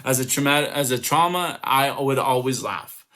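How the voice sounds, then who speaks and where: A man with a bright, forceful voice gives an upbeat motivational talk to young people. He is a comedian, and he tells stories by acting out quick quotes. It sounds like a home video-call recording. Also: mid-range voice. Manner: lively storytelling with acted-out quotes and laughter. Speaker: comedian and youth speaker. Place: home, online summit.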